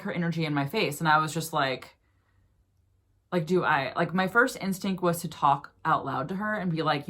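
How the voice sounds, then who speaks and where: Low-voiced woman telling a ghost story. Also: normal speed, a bit bright. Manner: chatty, lots of "like" and "um" fillers. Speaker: vlogger. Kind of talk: casual storytelling.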